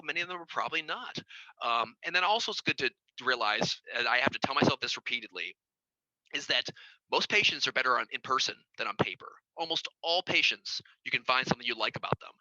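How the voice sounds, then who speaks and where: A man's voice: expressive, fast talker, pushed and bright, dry recording, low-quality recording. A middle-aged man, a child psychiatrist, giving an informal lecture in a conversational way and acting out quoted voices. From United States. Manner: conversational, acts out quoted voices with big pitch jumps.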